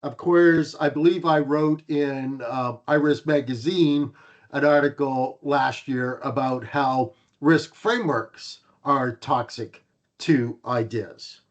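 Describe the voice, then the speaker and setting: A man's voice: mid-range voice, slow. A man co-hosting a podcast in casual chat, wry and bantering, stressing points with repeated starts. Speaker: podcast co-host. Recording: muffled lo-fi audio.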